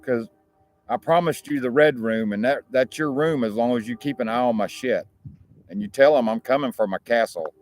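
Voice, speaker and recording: A man's voice: medium pitch, moderate pace, soft background music. A man with an American accent, hosting a talk show and chatting casually to his viewers in a rambling, profane way. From United States.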